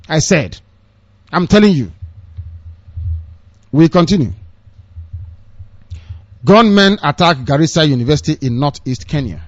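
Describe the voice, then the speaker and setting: This radio broadcaster, a man with a Nigerian accent, has an expressive, fairly bright voice on the high side and speaks at normal speed, pausing often. He scolds listeners with fiery, sarcastic political commentary, heard on a dull, dry, lo-fi recording.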